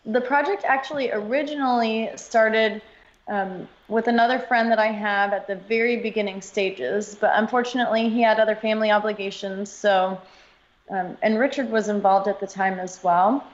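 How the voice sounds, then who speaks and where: A woman guest on a casual podcast, explaining things at a relaxed conversational pace with frequent ums. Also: mid-range voice, normal speed. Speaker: podcast guest, book co-author. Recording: dull lo-fi audio.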